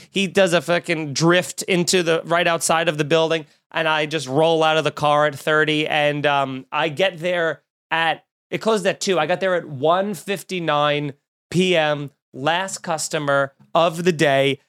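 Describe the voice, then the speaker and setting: A man hosting a casual podcast, telling a lively, profane, joking travel story. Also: a little high, smooth.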